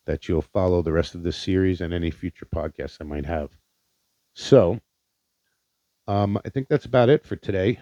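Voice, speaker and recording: Man, solo podcast host, low voice, dull lo-fi sound. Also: warm tone, dry recording. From Indiana, Pennsylvania, USA. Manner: rambling, profane, sincere, with many fillers. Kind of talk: casual solo podcast monologue. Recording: dull lo-fi dry recording.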